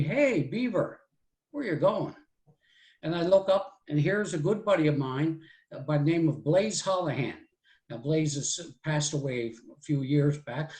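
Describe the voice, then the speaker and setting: A man in his 60s, appearing as a guest storyteller, tells a childhood story live in a folksy, rambling way, leaning on "so anyway" and "right?". His voice is on the high side and a little mellow, and the low-quality recording sounds roomy.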